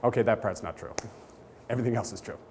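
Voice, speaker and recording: A man's voice: fairly low pitch, quick pace, slight background noise. A male comedian telling a comic anecdote on a talk show, acting out the voices of the people in it. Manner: animated storytelling, acting out quoted voices.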